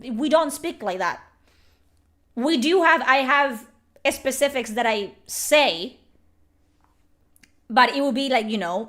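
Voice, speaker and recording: A Spanish-speaking woman from the Canary Islands with a Canary Islands Spanish accent, giving animated, opinionated commentary while streaming a video game. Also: on the high side.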